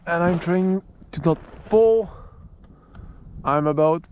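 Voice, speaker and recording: A man's voice: on the high side, takes it slowly, narrow, tinny audio, noisy background. A man with a French accent, chatting casually as he flies a glider outdoors in the snow, laughing often and restarting his sentences. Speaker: RC glider pilot and vlogger. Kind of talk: casual running commentary while flying. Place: outdoors on a snowy, freezing field.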